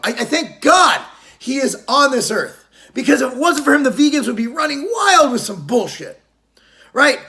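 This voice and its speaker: Brash middle-aged fitness vlogger mid-rant: high, sharp, lively, profane and mocking. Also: male voice.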